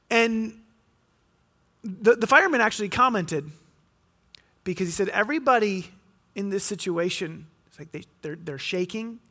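A pastor preaching a sermon, telling a story and acting out what people say. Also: male voice, pushed and bright. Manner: storytelling, acting out quotes with rising pitch.

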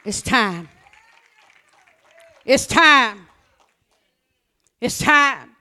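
A woman preaching a fervent sermon, repeating phrases and often shouting. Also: on the high side, animated, extremely slow, a faint crowd.

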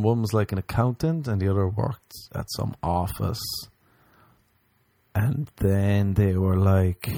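A man hosting a podcast, telling crude stories in a casual, joking way and mimicking other people in higher voices. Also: measured pace, pauses often, dark tone, dry recording. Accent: non-local, remarked on by others. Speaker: podcast host. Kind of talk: casual storytelling chat.

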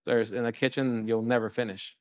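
Man, chef, from California, casual storytelling, filler-heavy, mid pitch, dry close sound. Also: steady tone, fairly quick, no room sound. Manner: rambling, fillers like "you know", acts out quotes. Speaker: chef and restaurant co-owner.

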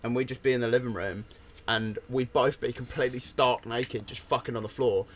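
A man's voice: mid-range voice, fairly quick, a little hiss or hum. A young man telling crude stories in a casual podcast chat. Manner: crude, animated storytelling. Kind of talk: casual banter.

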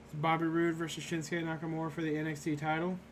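A man's voice: fairly high pitch, completely flat delivery, quick pace, slight background noise. A young man hosting a casual podcast, recapping matches in a rambling way full of fillers. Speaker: podcast host recapping wrestling. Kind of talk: casual chat.

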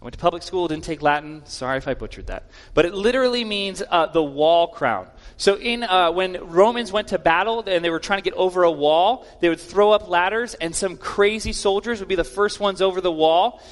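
A man's voice: sits high, fairly quick. A male pastor giving a sermon in a plainspoken, conversational way with casual asides. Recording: long hall reverb.

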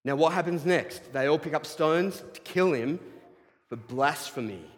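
A man with an Australian accent preaching a sermon to a congregation, swinging between loud emphatic bursts and hushed low asides, often checking in with his listeners. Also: normal speed, in a large hall. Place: church hall.

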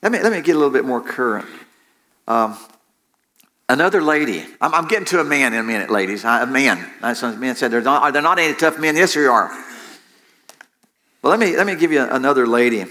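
A man's voice: mid-range voice, lively intonation, fairly quick, pauses often, pushed and bright. A male preacher giving a sermon who often restarts phrases and draws the congregation into call-and-response. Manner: repeats himself, engages the congregation with call-and-response.

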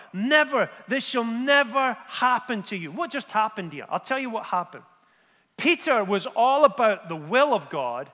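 A man preaches a lively, conversational sermon, firing rhetorical questions at his listeners. His voice sits high and sounds bright and forceful. A long reverb trails behind each line, as in a large hall. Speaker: pastor.

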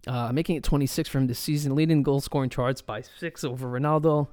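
Speaking fast in a medium pitch, this soccer podcast host delivers a casual solo show that turns into a fan's animated rant. Expect heavy swearing, plenty of filler words and frequent restarts. The sound is dry and studio-clean.

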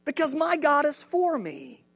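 A man's voice: very high voice, wildly swooping pitch, a little slow, fairly bright tone. A man preaching a sermon in a church, conversational, often asking the congregation questions. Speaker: pastor.

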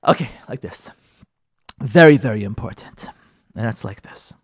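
With a husky, mid-range voice, lively intonation and a normal speed, this rabbi delivers a radio Torah lesson about marriage. He repeats himself for emphasis, drops in Hebrew and Yiddish words, and performs what he imagines listeners might say.

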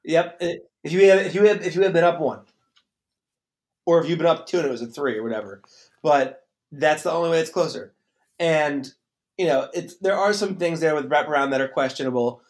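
A man hosting a casual sports podcast, opinionated and sarcastic, rattling off points in quick bursts. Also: a little high, darkish tone. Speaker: podcast host.

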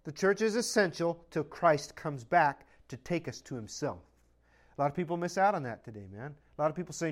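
A pastor preaches in a high male voice, animated and fairly quick, pushing every point with rhetorical questions. His delivery is emphatic and unyielding, hammering home what he considers settled truth.

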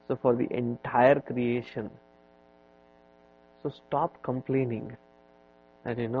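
A man, a swami, lectures on scripture at a very slow, easy pace, drifting into stories. His talk is conversational and full of "you know" fillers, at a middle pitch. The recording sounds dull and lo-fi. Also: steady tone. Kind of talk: spiritual lecture with storytelling.

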